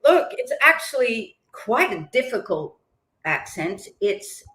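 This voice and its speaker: A woman's voice: on the high side, sing-song, takes it slowly, fairly bright tone. Chatty woman singer in an echoey room. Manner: chatty and self-deprecating, laughs often. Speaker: singer-songwriter and author, guest. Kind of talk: casual interview chat. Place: lives in Melbourne.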